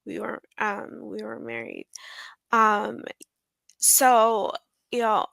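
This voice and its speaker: A woman guest in an interview, telling a personal story in a halting, emotional way with many pauses. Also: medium pitch, steady tone, gravelly, a bit bright, no echo.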